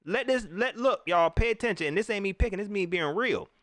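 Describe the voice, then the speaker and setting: Man, sports host, casual live commentary, teasing, very lively pitch, high voice. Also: quick pace, dry recording, studio quality. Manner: animated, teasing, preachy.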